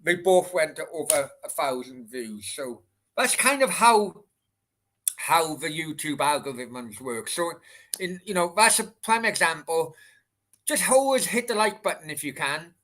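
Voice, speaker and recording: This Welsh man, with a voice on the high side, speaks in an expressive, unhurried way with a fairly bright tone. He's hosting a casual late-night livestream Q&A, answering chat while rambling, swearing freely, and often restarting his sentences.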